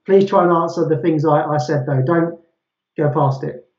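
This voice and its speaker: A man's voice: a little high, fairly even intonation, normal speed. A man debating, methodically citing scripture verse by verse to make his case. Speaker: Christian debater. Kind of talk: street debate argument. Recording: echoey, dull lo-fi sound.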